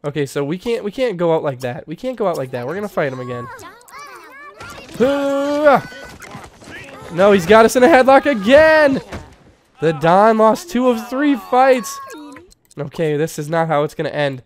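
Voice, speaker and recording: A young man giving playful, excitable commentary while playing a life-sim game, laughing often. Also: a little high, a little fast, slight background noise. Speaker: gaming YouTuber. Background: faint game music.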